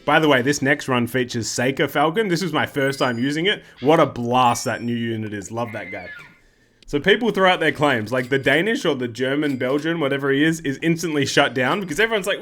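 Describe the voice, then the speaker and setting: A man hosts casual game commentary in a fairly bright, expressive, medium-pitched voice at a fairly quick clip. He rambles, cracks jokes, and often cuts himself off mid-thought.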